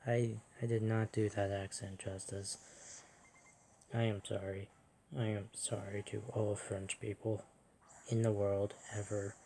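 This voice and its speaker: A soft-spoken person musing aloud while playing a video game, often self-deprecating. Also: low-pitched, little pitch movement, a little slow, soft background music. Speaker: let's play host.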